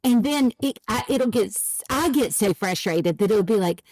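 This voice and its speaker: A woman's voice: mid-range voice, lively intonation, moderate pace, darkish tone, dry recording. A middle-aged woman co-hosting a podcast, telling exasperated stories in casual banter and acting out what others say. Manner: exasperated storytelling, quotes others in voices. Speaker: podcast co-host.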